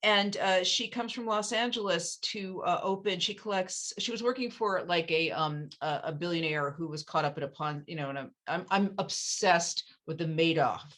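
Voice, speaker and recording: Brief: woman, author, chatty and animated, slightly low voice, lots of ums. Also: normal speed, few pauses. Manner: chatty, animated, with many fillers and restarts. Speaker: author and interviewer.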